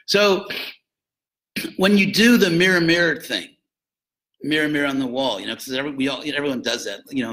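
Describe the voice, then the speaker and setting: A man's voice: a little high, brisk, long pauses, fairly bright tone, rough recording. A man giving an informal lecture on philosophy and religion, digressive and jokey, with frequent asides.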